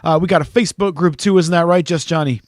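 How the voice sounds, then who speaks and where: A man's voice: on the high side, fast, no room sound, clean studio sound. A man hosting a podcast in casual chat, rambling, joking and swearing freely. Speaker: podcast host.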